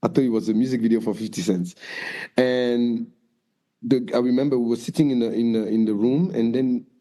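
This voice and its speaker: A French guest dancer with a French accent tells stories in a casual interview, animatedly acting out what people said in raised voices. His voice is medium in pitch and a little fast.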